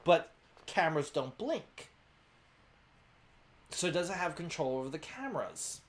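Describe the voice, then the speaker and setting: A man's voice: a little high, big pitch swings, unhurried, a little hiss or hum. A man voicing a tired male lab scientist who sighs and speaks in a dry, weary way.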